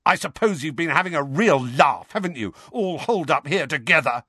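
A man voicing an angry, sarcastic teenage boy who makes loud demands in a storybook reading. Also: fairly high pitch, animated, a little fast, husky, no room sound, voice pushed up, heavily acted. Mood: furious.

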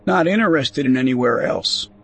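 A man voicing a gruff, stubborn seventy-five-year-old rancher with a gravelly voice, curt and dismissive in a spoken story. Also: mid-range voice, lively intonation, moderate pace, soft background music, pitched above the performer's own voice.

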